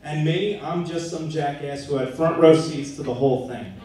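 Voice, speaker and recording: A man in his thirties gives a wedding toast as best man, mixing jokes with heartfelt words. His voice sits a little high and sounds distant. It is recorded from across the room, with heavy echo and faint background noise. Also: moderate pace, dark tone. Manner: joking, then earnest and sentimental. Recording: echoey room from far off.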